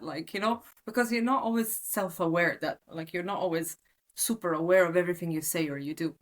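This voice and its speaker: A woman's voice: fairly low pitch, a little fast, rough recording. A woman hosting a podcast in casual conversation, enthusiastic and eager, often restarting her sentences. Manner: enthusiastic, stumbling restarts, talks about astrology.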